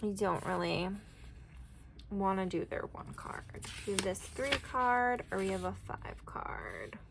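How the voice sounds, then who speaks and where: A woman talks her way through an oracle card spread, rambling and thinking aloud. Her voice has a gravelly, creaky edge. The chat is loose and casual. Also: medium pitch, a little slow, noisy background. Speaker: tarot and oracle card reader. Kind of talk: casual card-reading vlog.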